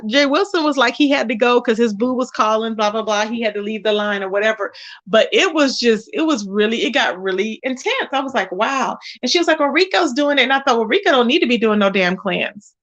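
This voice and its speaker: A woman with a high, bright voice that has some edge to it, running a casual gossip livestream. She talks in a chatty, sassy way and greets viewers in the chat by name. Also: lively intonation, brisk. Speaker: livestream host.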